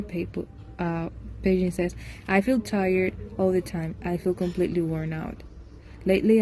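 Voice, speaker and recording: A woman's voice: mid-range voice, dark tone, a little hiss or hum. A woman teaching English, reading textbook exercises aloud with care and correcting her own slips as she goes.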